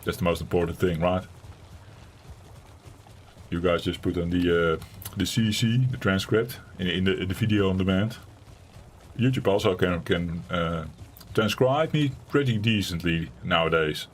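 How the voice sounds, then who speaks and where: This streamer, a Dutchman from the Netherlands, has a deep voice and talks at normal speed. He gives casual, rambling gameplay commentary, addressing his chat between tasks. Slight background noise can be heard.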